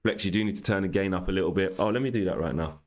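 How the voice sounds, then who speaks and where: Low-voiced young man bantering on a livestream. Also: rapid-fire. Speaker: livestream host. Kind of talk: casual livestream chat with viewers.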